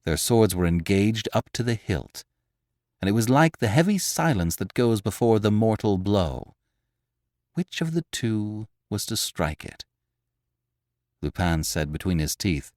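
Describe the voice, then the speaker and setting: A man, host of a classic-story podcast, reading a novel aloud with dramatic, expressive storytelling. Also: lowish voice, unhurried, dry recording, studio quality. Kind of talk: audiobook narration of a classic novel.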